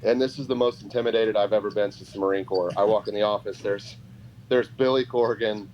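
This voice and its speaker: A fairly low-voiced man tells a story on a podcast, sliding into the voices of the people he quotes. The audio is dull and lo-fi with a faint hiss behind him. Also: a little fast. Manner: animated, acts out quoted voices. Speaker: podcast guest, pro wrestler. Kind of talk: casual storytelling.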